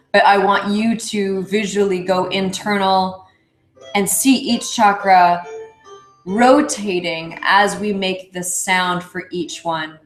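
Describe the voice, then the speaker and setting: A woman leading a yoga class, guiding calmly and chanting short repeated syllables. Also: mid-range voice. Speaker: yoga teacher. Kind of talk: guided class instruction with chanting. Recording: roomy echo, faint music behind.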